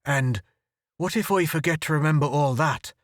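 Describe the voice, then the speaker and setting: A man reading a storybook audiobook, voicing a big, gruff, brash male photographer with a blunt manner. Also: a little high, moderate pace, dry recording, studio quality, close to an everyday voice.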